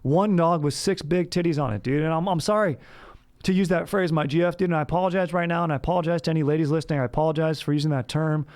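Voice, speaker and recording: A man's voice: fairly high pitch, steady tone, fast talker, a little mellow. A young man hosting a comedy podcast, rambling in surfer-bro slang that is full of "dude" and restarts. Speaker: podcast host. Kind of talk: comedic bro-character monologue.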